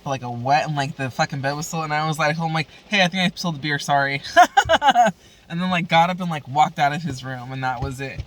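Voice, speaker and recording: A woman's voice: low voice, a bit bright. A woman vlogger telling a story in casual chat, rambling and profane, full of fillers.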